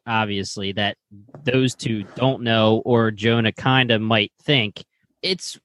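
A man's voice: medium pitch, no echo. A man co-hosting a podcast, musing about a show in casual, rambling chat. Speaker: podcast co-host.

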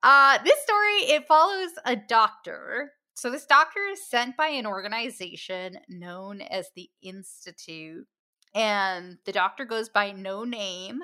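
A woman with a medium-pitched, animated voice that's bright and forceful. Co-hosting a book podcast, she recommends a novel in casual, unhurried chat and jokes self-deprecatingly about her own pronunciation.

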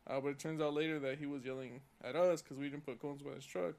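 A man's voice: a little high, fairly even intonation, fast, vocal fry, darkish tone. A young man from California on a casual podcast, telling a profane, heated story about work. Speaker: podcast co-host.

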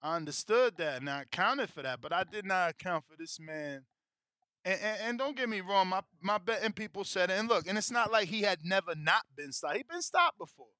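A man's voice: high voice, lively intonation, fairly quick, sharp tone, dry recording, clean studio sound. A man hosting a boxing show, chatting casually and ranting emotionally with heavy slang and swearing. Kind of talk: casual chat about betting and fights.

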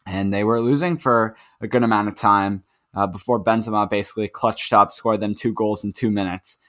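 A man's voice: fairly low pitch, fairly even intonation, brisk, fairly bright tone. A man co-hosting a football podcast, recapping matches in a casual, rambling way with many fillers. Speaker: podcast co-host. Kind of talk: casual sports chat.

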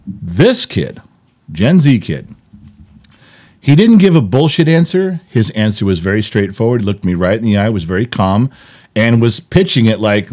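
A man's voice: mid-range voice, sing-song, moderate pace, a little mellow. Blunt, joking middle-aged man. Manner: blunt, joking, a bit profane. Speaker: podcast co-host. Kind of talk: casual chat.

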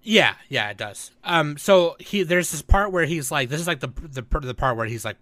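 A man's voice: a little high, animated, moderate pace, bright, forceful tone, no room sound. A man co-hosting a podcast in casual chat, animatedly retelling scenes and acting out lines, swearing often. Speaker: podcast co-host.

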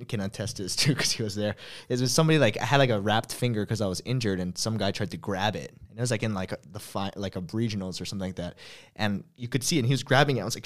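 Rambling casual man podcast host. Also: fairly low pitch. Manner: rambling, heavy on "like" fillers. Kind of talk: casual chat.

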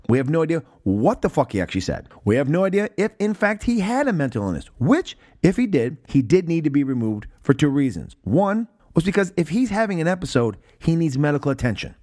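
Animated, foul-mouthed New man. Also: a little high, no echo, clean studio sound. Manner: animated, heavy cursing, sarcastic. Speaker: podcast host. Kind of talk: profane storytelling recap.

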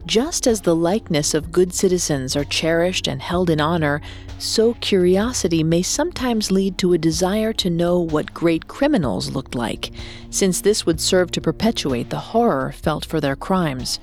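A woman with a fairly low voice narrates a true-crime story from a script. She speaks in a measured way, leaning on dramatic pauses, with faint music underneath. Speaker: podcast co-host narrator.

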